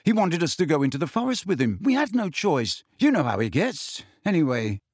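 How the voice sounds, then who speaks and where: A man's voice: on the high side, sing-song, a little fast, breathy edge, dry recording, studio quality, pitched above the performer's own voice. A man voicing a terse, guarded teenage boy. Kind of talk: audiobook reading.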